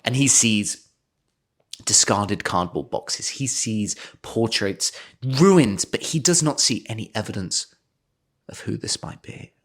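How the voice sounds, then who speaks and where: A man's voice: fairly low pitch, slow. A man co-hosting a podcast, improvising a comic story in a mock-dramatic way. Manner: animated, breaks into laughter, mock-dramatic. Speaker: podcast co-host.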